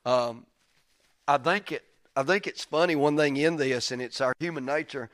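A man preaching a sermon in a folksy, conversational way, stuffy from crying, who builds up to loud, emphatic stretches. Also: a little high, moderate pace. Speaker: pastor.

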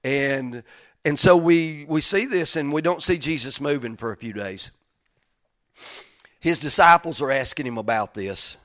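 A man preaching a sermon in a folksy, conversational way, stuffy from crying, who builds up to loud, emphatic stretches. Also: mid-range voice, a little slow. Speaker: pastor.

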